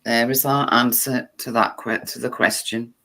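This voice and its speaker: Woman, vlogger, reads text aloud, sarcastic irritated comments, bright tense tone, gravelly. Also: a bass voice, steady tone, normal speed.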